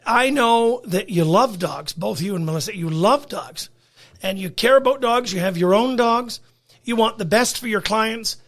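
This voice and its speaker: A man's voice: high-pitched, moderate pace, fairly bright tone. A man, a dog trainer guesting on a podcast, telling stories bluntly and swearing freely. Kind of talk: casual chat.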